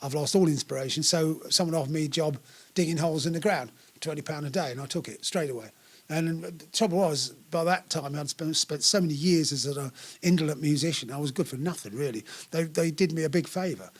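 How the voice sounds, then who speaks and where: Rambling older musician telling stories. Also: male voice, on the high side, a little fast. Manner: rambling storyteller with frequent restarts and fillers. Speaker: musician guest. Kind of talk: relaxed interview chat. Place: small live venue.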